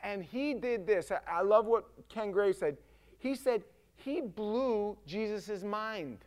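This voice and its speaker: Male pastor, high voice, animated conversational sermon delivery. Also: smooth. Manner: animated, acts out quotes, conversational.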